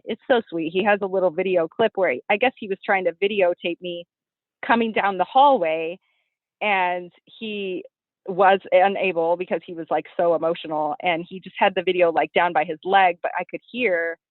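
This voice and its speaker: A woman in her thirties chats as a guest, telling stories with energy. She pops into a high voice to act out what others said. The sound is dry and thin, like a phone call. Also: moderate pace, no echo. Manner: animated storytelling, acts out quotes in a high voice. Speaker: podcast guest, bodybuilding competitor. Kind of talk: casual interview chat. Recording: tinny phone-like line, dry.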